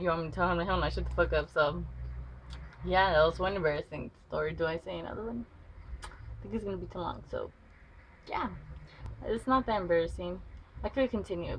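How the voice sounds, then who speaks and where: A woman vlogger telling a school story casually, rambling with many fillers and free swearing. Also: on the low side. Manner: rambling, lots of "like", swears freely. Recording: slightly dull with faint noise.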